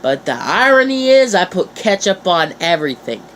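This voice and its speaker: A teenage boy vlogging in a casual, chatty way, playful and animated, jumping up in pitch for emphasis. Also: moderate pace, slight background noise. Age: teens. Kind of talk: casual chat to camera.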